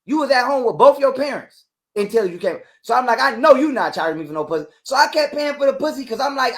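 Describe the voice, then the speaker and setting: A man, ranting in a heated interview, profane and repetitive, acting out quotes loudly. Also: very high-pitched, expressive, fast talker. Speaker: guest telling his side of a breakup.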